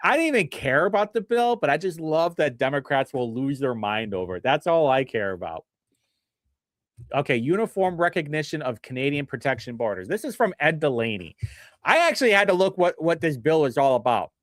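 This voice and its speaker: A male livestream host who reads bill text aloud and mocks it in casual commentary, chuckling often, with big swings in pitch. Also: expressive, fairly quick, a bit bright, no echo, clean studio sound. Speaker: livestream host reviewing state bills.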